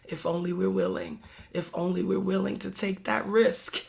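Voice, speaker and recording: A woman from Harlem leading a prayer service, preaching in a rhythmic call-and-response style with repeated exhortations, chanted prayers and song, her voice slightly hoarse. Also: medium pitch, steady tone, normal speed, darkish tone. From Harlem, New York.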